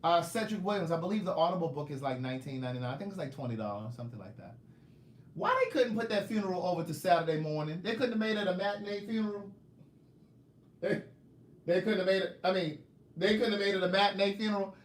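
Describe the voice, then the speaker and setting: Lively joking man on a live stream. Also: high-pitched, fast talker, roomy sound. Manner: animated storytelling, joking, teasing viewers. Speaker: author hosting a live stream. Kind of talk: casual live-stream chat.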